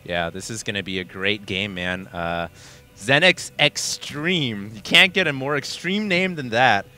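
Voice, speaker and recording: Bright, jokey male esports caster. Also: fairly low pitch, moderate pace, faint music behind. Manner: upbeat, jokey, laughs easily. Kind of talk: color commentary.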